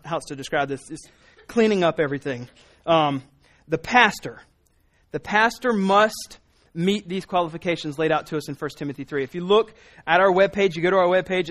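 Chatty high-voiced male preacher. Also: a bit bright. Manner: conversational storytelling with frequent restarts. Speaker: pastor. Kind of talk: sermon.

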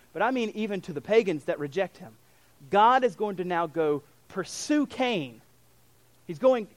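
Man, high voice, dry sound, animated sermon delivery, acts out quotes. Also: no echo. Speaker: pastor.

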